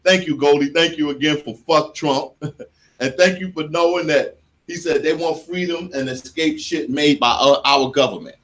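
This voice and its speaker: A man in his forties, from the United States, hosting a radio show in a studio and telling stories in an animated, joking way, laughing at himself. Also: a little high, normal speed. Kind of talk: casual radio talk.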